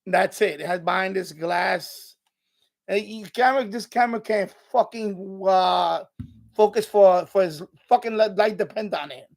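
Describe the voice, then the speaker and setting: A man rambles through an unscripted live stream from his home radio room, irritable and swearing a lot as he shows off his radios. His voice is high with vocal fry, and he keeps a measured pace.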